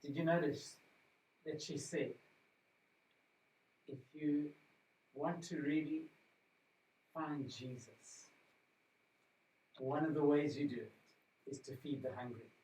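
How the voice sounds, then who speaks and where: A male pastor talks in a relaxed, reflective way, as if sharing a personal story with the congregation. His voice sits a little high and reaches the mic from a distance. The room around him is echoey. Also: slow pace, pauses often. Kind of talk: informal church talk. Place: church.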